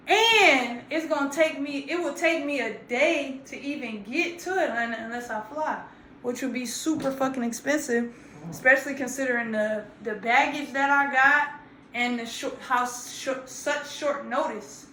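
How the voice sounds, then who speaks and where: A woman around thirty, casually telling a story to camera in an animated, profane, slangy way. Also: sits high, moderate pace, slight background noise. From grew up in Georgia, US South. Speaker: vlogger. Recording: roomy echo.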